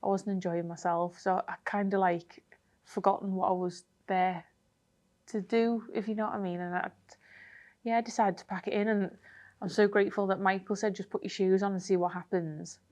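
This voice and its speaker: A woman's voice: medium pitch, moderate pace. Chatty woman telling a race story. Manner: chatty, animated retelling with many fillers. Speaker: triathlete guest. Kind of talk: casual interview storytelling.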